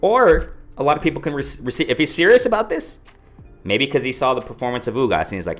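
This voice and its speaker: A boxing commentary vlogger talks casually about boxing on his own channel in a casual opinion vlog, rambling, repeating himself, and using slang fillers. His mid-range voice is fairly bright, with lively intonation and a quick pace, over soft background music.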